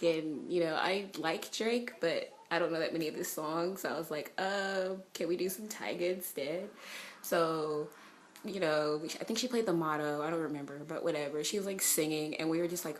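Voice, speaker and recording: A young woman from California telling an excited, chatty storytime vlog, swearing freely and saying "like" a lot. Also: deep voice. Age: young adult. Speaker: vlogger.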